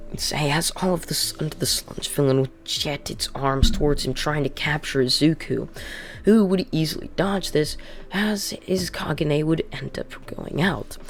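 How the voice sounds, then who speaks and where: Woman storyteller, deep for her sex, casual rambling narration. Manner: rambling, repeats "would end up".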